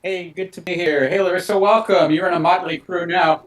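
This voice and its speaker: A man who is a guest on a live talk show, chatting in a relaxed way and telling a joke with a storyteller's timing. His voice sits on the high side. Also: a little fast. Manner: jokey storyteller. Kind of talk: casual chat.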